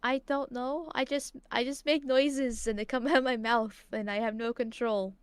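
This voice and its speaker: A woman streamer chatting casually on a live stream, self-deprecating and halting, with frequent giggles. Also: fairly high pitch, fairly even intonation, smooth, no room sound. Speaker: streaming guest.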